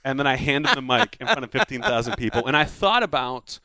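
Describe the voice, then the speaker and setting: Fast-talking man telling a story. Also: mid-range voice, background noise. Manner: animated anecdote teller, acts out quotes. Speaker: comedian guest. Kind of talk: casual storytelling chat.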